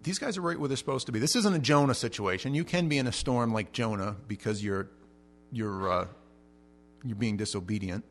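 A middle-aged man preaching a sermon, telling stories with lively swings in pitch and loudness and often repeating words as he starts a sentence. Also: a little fast, slight background noise. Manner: animated storytelling with big swings in pitch and loudness. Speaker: pastor.

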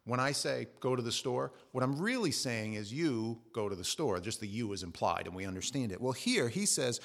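A man's voice: mid-range voice, animated, moderate pace, gravelly, hardly any pauses. A man preaching a sermon, earnestly explaining scripture and asking the listeners questions, with restarts and asides.

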